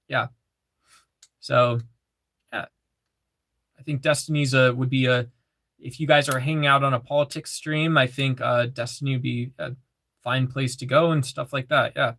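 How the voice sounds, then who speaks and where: A man's voice: mid-range voice, pushed and bright. A man casually chatting on a livestream, reading chat messages aloud and repeating phrases, with lots of fillers.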